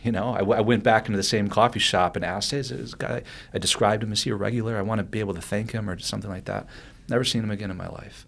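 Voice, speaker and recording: A man telling a personal story as a podcast guest, animated and rambling, with many restarts and fillers. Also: fairly low pitch, fast, gravelly, hardly any pauses, slightly rough.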